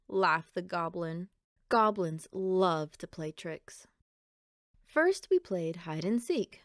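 A woman reading a children's picture book aloud in a gentle, expressive storytelling voice, close to the mic. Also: lowish voice, slow, dry recording. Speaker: storybook reader.

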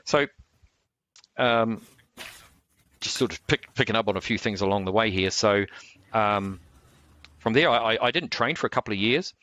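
Low-voiced New man in his sixties. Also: normal speed, long pauses, sharp tone, muffled recording. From New Zealand. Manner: rambling, frequent fillers and restarts. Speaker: martial arts instructor. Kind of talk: relaxed storytelling interview.

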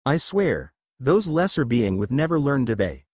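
A man's voice: mid-range voice, very animated, moderate pace, darkish tone, no room sound, studio quality. A man reading the lines of an arrogant teenage boy who believes he is a god, speaking with scorn and condescension in his own voice. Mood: contemptuous.

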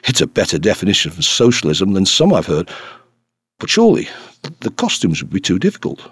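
A dry-witted young socialist journalist in an audiobook, as a male reader puts him on, joking lightly. The voice is low and husky, recorded close and dry. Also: wildly swooping pitch, fairly quick, fairly bright tone, dry recording, full character voice. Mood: wry.

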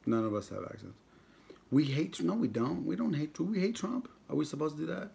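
A man's voice: a little high, expressive, brisk, creaky, darkish tone. Young guy on a livestream, jokey banter with his chat, calling out names. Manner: joking, banters with chat, reads out viewer names. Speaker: mukbang vlogger on a livestream. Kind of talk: casual live-stream chat with viewers.

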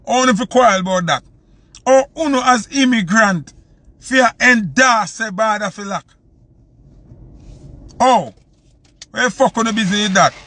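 A man's voice: sits high, unhurried, long pauses, pushed and bright, dry recording. A man from Jamaica with a Jamaican accent, hosting a live stream and ranting heatedly, repeating his points for emphasis. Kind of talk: live-stream commentary rant.

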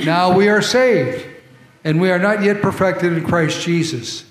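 A man's voice: sits high, unhurried. Preaching man in an echoey church. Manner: conversational preaching with asides to the congregation. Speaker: pastor. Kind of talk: sermon. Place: large church sanctuary. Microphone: troublesome handheld or body mic. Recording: echoey church hall with long reverb.

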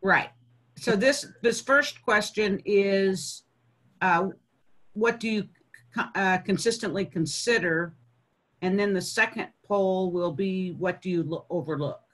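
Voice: medium pitch, takes it slowly, a bit bright. A webinar co-host clarifying the poll questions, with hesitant restarts. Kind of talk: webinar moderation.

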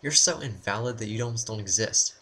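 A man doing casual gaming commentary as co-host, with a dry, deadpan delivery. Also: fairly low pitch, fairly quick, husky. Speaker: co-host gamer.

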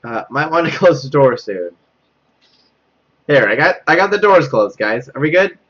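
Playing a horror game on a live stream, a young man reacts with panic and nervous laughter, repeating himself as he reads viewers' chat. His intonation is lively, his tone fairly bright, and his pace moderate. The mic quality is poor and dull.

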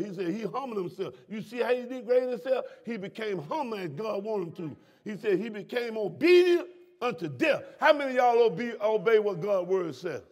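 A man preaching a sermon as pastor, repeating lines and breaking into shouts at the congregation. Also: high voice, lively intonation, moderate pace. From Southern United States.

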